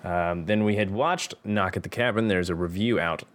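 A man hosting a podcast in casual chat, rambling and relaxed, laughing often, sounding tired. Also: deep voice, moderate pace. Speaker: podcast host.

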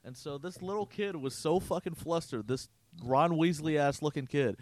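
A man's voice: on the high side, normal speed, a little mellow, dry recording. A young man co-hosting a casual chat, telling a story in a loose, profane way. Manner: loose and profane, acts out quotes. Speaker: podcast co-host.

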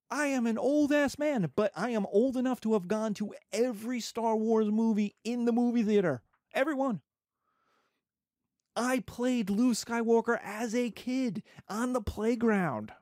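A man in his fifties giving a classroom lecture, animated and jokey, with digressions along the way. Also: very high-pitched, dry recording, clean studio sound. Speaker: teacher.

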